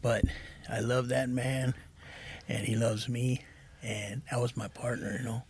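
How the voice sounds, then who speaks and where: Husky middle-aged man, halting and soft. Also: mid-range voice, little pitch movement. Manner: soft-spoken, halting, says "man" often. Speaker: podcast guest. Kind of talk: candid recovery story.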